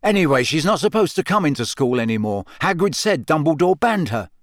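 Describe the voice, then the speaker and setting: A man puts on a prickly teenage boy who fires off his words fast and indignant, a little above the reader's own pitch. The storybook reading sounds dry and close. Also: very animated, no echo.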